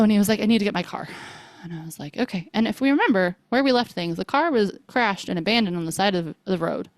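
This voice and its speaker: A woman's voice: medium pitch, no echo, studio quality. Young woman animatedly retelling a story. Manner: animated retelling, acting out quoted dialogue, laughs nervously. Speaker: podcast host. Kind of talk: personal storytelling.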